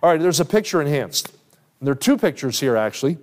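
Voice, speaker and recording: A man's voice: a little high, sing-song, fast talker. Preacher man in a reverberant hall. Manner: conversational teaching, asking the congregation questions. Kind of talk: sermon.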